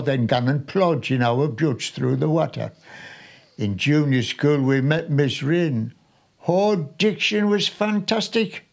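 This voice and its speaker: A plain-spoken young North East English lad tells his story in rhyming dialect verse, as a man in his nineties recites it. The lines roll out slowly with a sing-song lilt. The voice sits fairly high for a man. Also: darkish tone. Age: 90s. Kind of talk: reciting a poem in local dialect.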